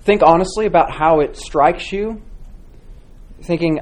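A man teaching a church class on devotional reading, speaking with frequent pauses, fillers and restarts. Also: on the high side. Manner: halting, many fillers and restarts, warm encouraging replies. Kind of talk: Sunday school class teaching.

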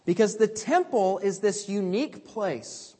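A man preaching from the pulpit with a high, very lively voice that rises and drops sharply. He swings between urgent emphasis and hushed asides. His voice rings through the long echo of a large church sanctuary. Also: measured pace, slightly rough. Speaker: pastor. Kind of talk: sermon. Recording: long reverb of a large hall.

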